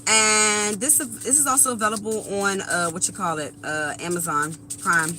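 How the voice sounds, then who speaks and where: A woman's voice: medium pitch, steady tone, normal speed, pushed and bright, soft background music, rough recording. A woman in her thirties doing a casual live tarot reading, talking bluntly and with profanity straight to her viewers. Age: 30s. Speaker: tarot reader.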